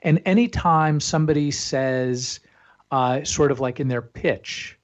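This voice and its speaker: A man's voice: mid-range voice, measured pace. Chatty middle-aged man, slightly dull audio. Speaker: guest, travel publisher. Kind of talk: casual interview talk.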